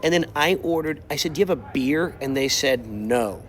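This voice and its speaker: A young man casually telling a travel story while walking outside, animated and exasperated, acting out quotes. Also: medium pitch, normal speed. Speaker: streamer. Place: outdoors, walking. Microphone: mobile mic while walking.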